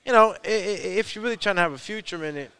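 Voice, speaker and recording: A man co-hosting a casual boxing talk show, jokey and quick to chime in. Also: high voice, sharp tone, clean tone. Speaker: boxing podcast co-host. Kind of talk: casual chat.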